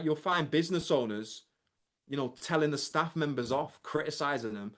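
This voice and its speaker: A man giving a motivational coaching talk to a live chat, emphatic and often asking the audience "right?". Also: medium pitch. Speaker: mindset and business coach.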